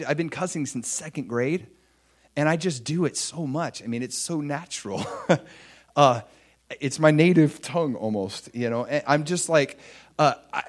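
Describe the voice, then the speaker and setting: A man preaching a sermon, telling his own testimony in an animated way, dropping to hushed asides and rising to excited shouts. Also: on the high side.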